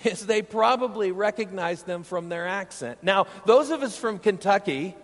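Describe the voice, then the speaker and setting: A man preaching a sermon as pastor, his voice sitting high for a man. He speaks with emphatic, animated delivery and leans on rhetorical questions to his listeners. The sound carries a long reverb tail, as in a large hall. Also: normal speed. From Iowa.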